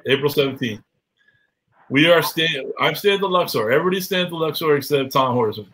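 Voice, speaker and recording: A man's voice: on the high side, lively intonation, brisk, fairly bright tone, rough recording. A man hosting a live show, chatting loosely with guests and viewers, swearing and laughing often. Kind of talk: casual live-stream chat.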